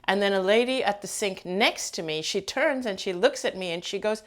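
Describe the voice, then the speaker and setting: A woman's voice: mid-range voice, normal speed. A woman hosting her own channel, chatting casually to viewers with rambling asides and frequent laughs. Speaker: host.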